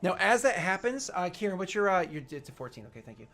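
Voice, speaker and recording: Male game master, slightly high voice, unhurried descriptive narration, online call. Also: big pitch swings, a bit bright.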